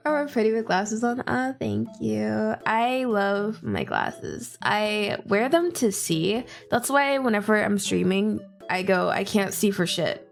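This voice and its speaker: Animated young woman streamer, gravelly voice. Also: mid-range voice. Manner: animated, swears freely, laughs often. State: recovering voice, pushing it lower. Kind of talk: casual chat.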